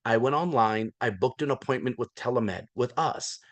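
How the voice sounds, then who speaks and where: A man, likely in his forties, giving an energetic, folksy sales presentation on a video call, with lots of repetition. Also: medium pitch, normal speed, no room sound. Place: remote hotel room abroad.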